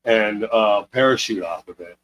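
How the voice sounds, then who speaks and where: A man with a deep radio voice co-hosting a casual live-stream chat in a playful, joking way. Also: moderate pace, fairly bright tone, highs cut off, a little hiss or hum.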